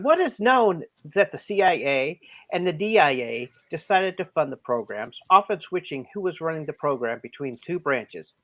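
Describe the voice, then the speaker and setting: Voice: medium pitch, no room sound, rough recording. A podcast co-host reading prepared notes with playful asides.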